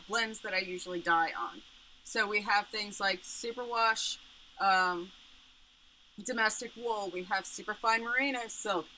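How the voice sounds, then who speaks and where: Bright-voiced woman presenting yarn products. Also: medium pitch, slight background noise, poor audio. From Pittsburgh area. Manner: explanatory, with frequent ums. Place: home studio, indoors.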